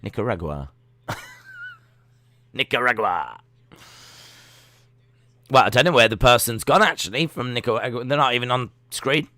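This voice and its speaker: A man's voice: mid-range voice, fast talker, pushed and bright, dry recording. A man hosting a casual live watch-along stream, chatting and reading search results and chat messages aloud.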